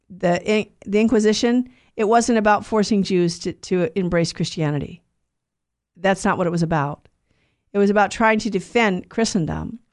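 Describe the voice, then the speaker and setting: A woman hosting a call-in radio show and teaching on the Bible in an earnest, conversational way, often checking in with her listeners. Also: mid-range voice.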